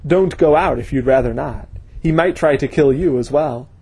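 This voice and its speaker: Guy reading a hard determined man, forceful, bit husky. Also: medium pitch, normal speed. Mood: weak. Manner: intense, forceful. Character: grim determined man, ruthless avenger.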